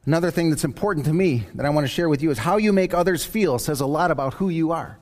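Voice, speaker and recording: Joking pastor with a raised voice. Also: male voice, a little high, fast, darkish tone. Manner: conversational, joking asides. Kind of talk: sermon.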